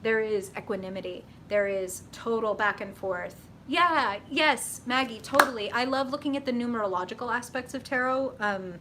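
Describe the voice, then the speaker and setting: A woman hosting a live tarot reading stream, chatty and excitable, with lots of fillers and laughter. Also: a little high, background noise.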